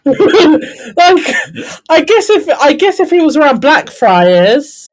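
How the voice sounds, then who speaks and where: A woman's voice: sits high, big pitch swings, slow pace. A woman chatting casually as a podcast co-host, trailing off and restarting her sentences. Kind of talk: casual chat.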